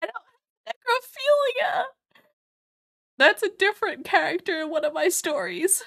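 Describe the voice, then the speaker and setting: A woman's voice: sits high, lively intonation, a little fast, vocal fry, fairly bright tone. A woman from Australia giving casual, giggly commentary while playing a game on stream and reading its lines aloud.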